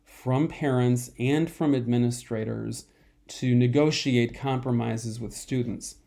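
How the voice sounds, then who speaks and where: A man teaching a college math lecture in a slow, repetitive way, often clearing his throat and coughing from a dry throat. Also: mid-range voice, fairly even intonation, warm tone. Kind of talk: recorded online lecture.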